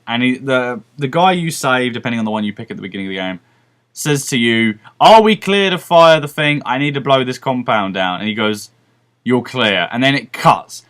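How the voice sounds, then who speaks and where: Male game reviewer, mid-pitched, unscripted and rambling, profane, lots of restarts, laughs easily. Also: a bit bright. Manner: enthusiastic, laughs often.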